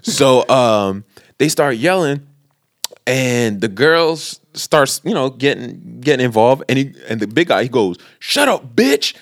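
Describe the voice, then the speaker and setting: A young man co-hosting a podcast, telling a story in casual chat, animated and profane, acting out the people in it. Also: mid-range voice, measured pace. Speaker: podcast co-host.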